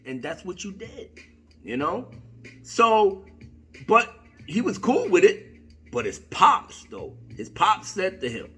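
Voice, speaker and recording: A man giving an unscripted commentary rant, profane, slangy and animated. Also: high voice, takes it slowly, faint music behind. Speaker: video commentator.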